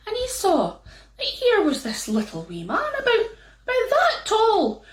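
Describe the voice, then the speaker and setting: A Scottish woman tells a folk tale slowly and playfully, her high voice leaping about. The room around her gives a roomy echo. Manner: lively, playful, drawn-out. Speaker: storyteller. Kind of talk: storytelling.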